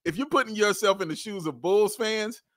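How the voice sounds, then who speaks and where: A man co-hosting a casual sports podcast, excitable, laughing often and repeating himself as he talks. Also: high-pitched, normal speed, no room sound, clean studio sound. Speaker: podcast co-host.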